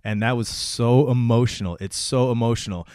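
A man's voice: medium pitch, normal speed, darkish tone, dry recording, clean studio sound. A man co-hosting a casual podcast, reacting with laughs and short agreements and talking through the episode's emotional moments. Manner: laid-back, laughs often, short agreeing replies. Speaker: podcast co-host. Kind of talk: casual chat.

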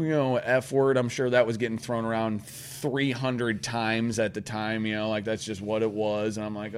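A man telling a long story in casual podcast chat, swearing often and rambling with animated quoted voices. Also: medium pitch, a little fast, few pauses, clean tone.

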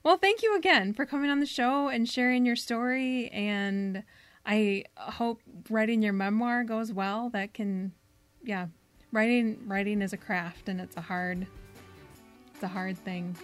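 A woman's voice: medium pitch, unhurried, no echo. A woman hosting a podcast, affirming her guest with frequent mm-hmms in casual chat. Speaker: podcast host. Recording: dry close mic with faint music.

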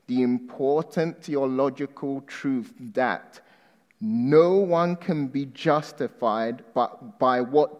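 A male preacher delivering a sermon, quizzing the congregation with emphatic questions and dropping to a hushed tone for appeals. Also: medium pitch. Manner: drops to a hushed, reflective tone for appeals. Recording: long reverb of a large hall.

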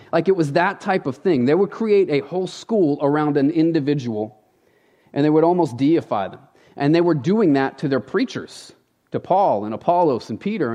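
A man's voice: a little high, darkish tone. A man preaching a sermon from a church stage, talking in a conversational, emphatic way and often appealing straight to the congregation. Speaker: pastor.

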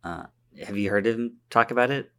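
A man with a somewhat low voice chats casually as a podcast co-host. He stumbles and restarts his sentences, filling gaps with casual fillers. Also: moderate pace, fairly bright tone, clean tone. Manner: hesitant, restarts often, chatty. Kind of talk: casual chat.

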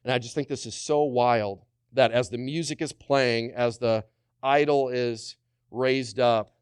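A man's voice: medium pitch, steady tone, measured pace, clear, resonant tone, dry recording, studio quality. A man preaching a sermon as pastor, repeating key words for emphasis and putting rhetorical questions to the congregation.

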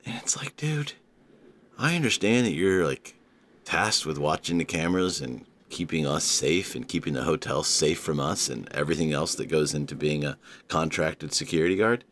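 A man hosting a casual comedic podcast, talking to listeners in an animated, playful way with drawn-out emphasis. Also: a bass voice, slight background noise. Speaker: podcast host.

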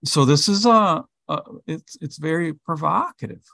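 A man's voice: fairly high pitch, normal speed, gravelly, pushed and bright, dry recording, studio quality. A man co-hosting a bible podcast, explaining scripture with vivid everyday analogies and lots of fillers. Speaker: podcast co-host. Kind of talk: bible study conversation.

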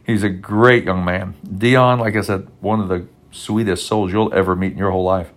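A male pastor with a fairly low voice delivers a podcast sermon. He speaks from the heart and rambles, restarting his sentences often. He sounds emotional, close to tears. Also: fairly even intonation, moderate pace.

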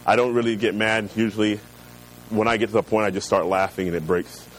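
A man preaching a sermon, reading scripture slowly and then telling personal stories in a relaxed, conversational way. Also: lowish voice, slight background noise, rough recording. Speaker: pastor.

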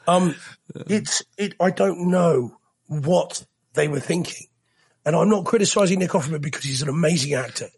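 English man, husky gravelly voice, higher pitch, chatty podcast host. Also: normal speed. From England. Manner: chatty, teasing storyteller. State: coughing. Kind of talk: casual chat.

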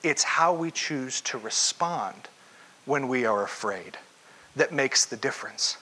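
Slow and medium-pitched, a man preaches as pastor, animatedly telling a story and addressing questions straight to the congregation.

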